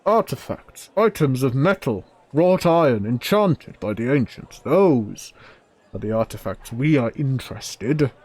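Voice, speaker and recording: A man's voice: very animated, darkish tone. A man voicing a hostile, fire-worshipping forge dweller who bellows in anger. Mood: angry. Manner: angry, booming, drawn-out.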